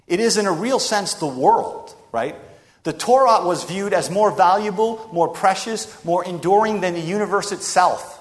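A man preaching a sermon in an emphatic, rhetorical way with dramatic pauses. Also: sits high. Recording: long reverb of a large hall.

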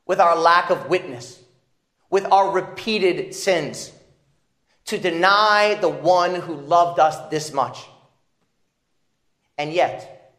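A man preaching a sermon, dramatic, dropping soft and low, then rising to emphatic, raised lines. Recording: echoey room.

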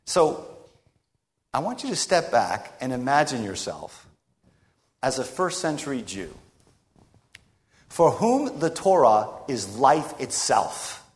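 A man preaching a sermon in an emphatic, rhetorical way with dramatic pauses. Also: medium pitch, very animated. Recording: long reverb of a large hall.

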